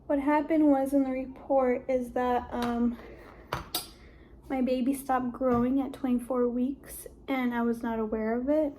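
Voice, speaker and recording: A young woman vlogger talks to her camera casually and haltingly, leaning heavily on "like" while working through something emotional. Her slightly high voice is warm and mellow, over faint room ambience with a little hiss or hum.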